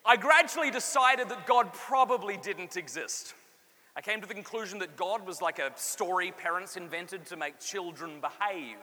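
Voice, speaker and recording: A man's voice: high-pitched, moderate pace. A man, giving a humorous faith testimony to a live audience and acting out the characters. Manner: animated storyteller, acts out voices and jokes. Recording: long hall reverb, faint room noise.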